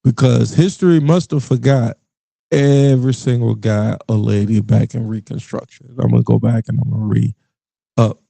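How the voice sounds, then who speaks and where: A man's voice: mid-range voice, normal speed, creaky, no echo. A middle-aged man from the Richmond, Virginia area hosting a podcast, ranting bluntly and profanely in a casual monologue. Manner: blunt, profane, animated rants with laughs. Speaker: podcast host.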